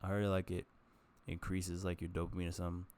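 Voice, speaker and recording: Deep-voiced candid man vlogging. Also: completely flat delivery, fast talker, a little mellow, smooth. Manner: candid, rambling, profane, self-mocking. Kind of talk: casual self-talk vlog.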